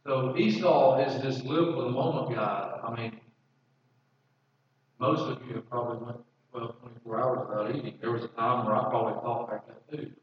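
In a steady, medium-pitched voice at normal pace, a man gives a sermon, reading from scripture and discussing it in a conversational manner, often repeating words. A distant mic makes it sound dull and echoey, with slight background noise.

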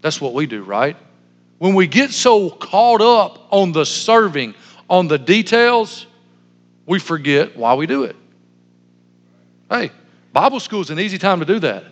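A man's voice: high voice, big pitch swings, measured pace, pauses often, lo-fi sound. A man pastor giving a sermon, telling stories in a humorous, self-deprecating way. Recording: long hall reverb.

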